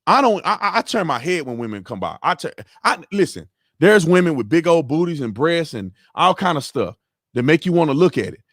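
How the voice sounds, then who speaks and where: A man hosting a livestream who rants heatedly about politics, his voice swinging from loud outbursts to low mutters, with features. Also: sing-song, a little fast, dry recording, clean studio sound. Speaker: livestream host. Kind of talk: livestream commentary.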